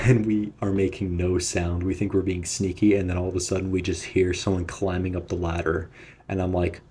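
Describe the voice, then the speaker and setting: A man's voice: low-pitched, flat delivery, brisk, warm tone, a little hiss or hum. A young man telling a storytime vlog in a casual, rambling, profane way. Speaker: vlogger.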